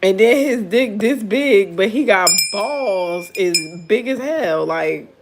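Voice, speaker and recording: A woman in a casual storytelling chat, talking bluntly and often breaking into laughter. Her voice sits at an ordinary middle pitch for a woman, and she speaks loosely and freely, like someone talking to her viewers. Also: lively intonation, slow, very noisy. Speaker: tarot reader.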